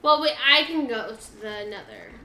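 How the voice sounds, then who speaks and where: A woman's voice: fairly high pitch, huge pitch swings, moderate pace, bright, forceful tone, echoey room, slight background noise. A woman chatting casually while playing a game, thinking aloud with lots of fillers. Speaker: game co-player. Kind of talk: casual gaming chat.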